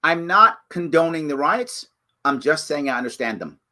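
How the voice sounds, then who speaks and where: A man's voice: a little high, animated, moderate pace, sharp tone. A middle-aged man hosting a live show, giving emphatic, repetitive commentary that pleads and scolds by turns. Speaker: host.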